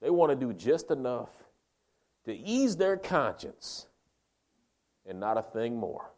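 A man preaching a sermon, folksy and emphatic, calling his listeners "man" and "baby", swinging between loud emphasis and quiet, slow lines. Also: mid-range voice, big pitch swings.

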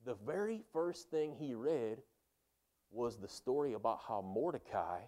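A man's voice: medium pitch, very animated, moderate pace, dark tone. A man preaching, retelling a Bible story in a chatty, slangy way.

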